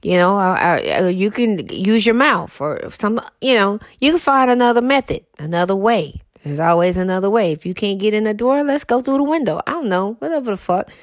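A woman's voice: medium pitch, animated, brisk, few pauses, no echo. Blunt, profane woman with dry close sound. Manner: profane, blunt, sassy advice-giving. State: congested, mouth breathing. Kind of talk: casual storytelling monologue.

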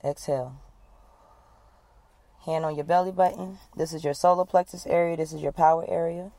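A woman coach leading listeners through a guided breathing exercise, giving calm, repeated instructions. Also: deep voice, moderate pace, dry recording. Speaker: wellness coach.

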